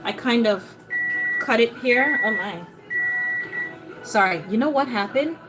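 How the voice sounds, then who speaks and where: A woman's voice: a little high, expressive, unhurried, loud music behind the voice, low-quality recording. A woman from Jamaica speaking with an American accent, chatting casually on a live stream as she cooks in her home kitchen, encouraging viewers and greeting them by name. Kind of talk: casual live-stream chat while cooking.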